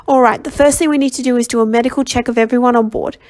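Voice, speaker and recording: A woman voicing a brisk, kindly ship's doctor, a middle-aged man, in a novel reading, speaking in a crisp, businesslike way. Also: fairly high pitch, fairly even intonation, a little mellow, dry recording, close to an everyday voice, poor audio.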